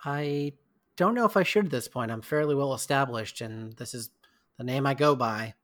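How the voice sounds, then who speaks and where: A man's voice: mid-range voice, normal speed, a bit bright, no room sound, clean studio sound. A man being interviewed as a guest on a podcast, speaking candidly and reflectively. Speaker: game designer guest. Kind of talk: casual interview talk.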